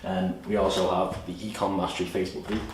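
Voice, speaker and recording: A man giving an energetic, salesy course pitch at a whiteboard, often repeating himself. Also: a little fast. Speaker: course presenter. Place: room with a whiteboard. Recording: echoey room, distant mic, faint hiss.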